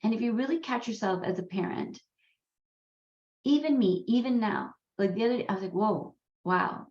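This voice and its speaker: A woman whose first language is Gujarati, hosting a parenting course in a candid, animated storytelling way with frequent laughs. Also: on the high side, fairly quick. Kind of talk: conversational course talk. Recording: roomy, slightly dull sound.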